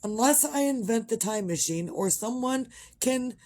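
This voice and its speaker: A woman's voice: on the high side, animated, unhurried, a little mellow. A middle-aged woman, talking frankly in a rambling, casual monologue and swearing freely. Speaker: vlogger.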